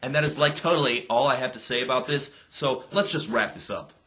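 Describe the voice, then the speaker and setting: A man's voice: mid-range voice, fairly quick, sharp tone, faint music behind. A man reviewing a pop song with sarcastic, exasperated commentary. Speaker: music reviewer. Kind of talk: comedic video review.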